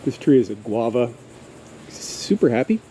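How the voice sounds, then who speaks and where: A man's voice: medium pitch, big pitch swings, normal speed. A man giving a casual, rambling tour of his backyard garden outdoors, hesitating often with fillers. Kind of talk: casual walking tour narration. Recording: faint outdoor insect noise.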